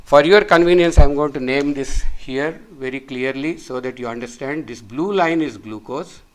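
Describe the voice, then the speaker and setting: A man's voice: medium pitch, normal speed. A middle-aged man, a physician, explaining a chart step by step as he draws it, repeating words for emphasis. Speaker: physician teaching. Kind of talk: whiteboard medical lecture.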